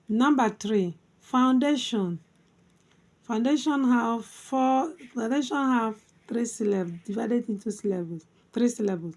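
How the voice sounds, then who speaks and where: A woman teaching phonics, spelling words out letter by letter in a slow, deliberate way, with non-native English grammar. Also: fairly high pitch, expressive, a little mellow. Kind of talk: spelling tutorial.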